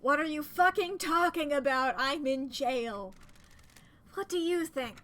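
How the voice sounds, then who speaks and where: A woman voicing a gruff jailed man in a game, snapping sarcastic, swearing answers. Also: high voice, a little slow, a bit bright. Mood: irritated.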